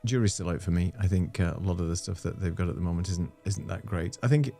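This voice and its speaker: A man's voice: low voice, fast talker, dark tone, soft background music. A man hosting a casual live stream chat, easygoing and chatty with frequent fillers. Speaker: host.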